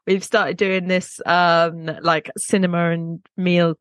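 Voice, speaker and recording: A woman's voice: fairly low pitch, level tone, slow, a bit bright, no echo. A woman co-hosting a podcast in casual, rambling chat, poking fun at herself. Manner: chatty, self-mocking, rambling asides. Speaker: podcast co-host.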